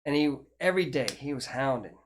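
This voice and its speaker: A man's voice: medium pitch, fairly quick. An older man, hosting a casual chat show and talking in a rambling, chatty way with frequent restarts. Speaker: host.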